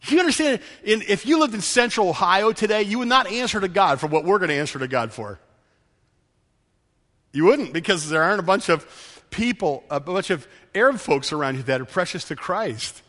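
A man preaching a sermon as pastor, passionate, swinging between loud pleading and quiet storytelling, in a church sanctuary. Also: high voice, animated, moderate pace, in a large hall.

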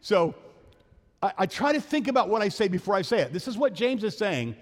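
A man preaching a sermon as pastor, talking fast and telling jokes in a church sanctuary. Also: sits high, very animated. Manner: fast-talking, joking storyteller. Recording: long hall reverb.

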